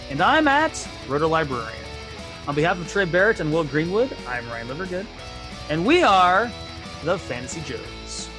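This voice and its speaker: A man's voice: high-pitched, a bit bright. A man hosting a fantasy football podcast, reading a jokey, upbeat outro. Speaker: podcast host.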